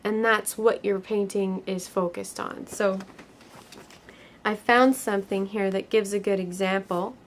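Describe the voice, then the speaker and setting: Slow, gentle woman art teacher. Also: medium pitch, fairly even intonation, slight background noise. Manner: slow, gentle and encouraging, speaking to children. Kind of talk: children's art lesson.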